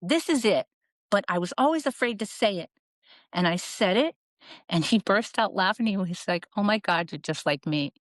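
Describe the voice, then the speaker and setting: A woman's voice: mid-range voice, expressive, normal speed, dry recording. A middle-aged woman as a podcast guest, candidly telling her story in an earnest, reflective way and acting out the voices she quotes.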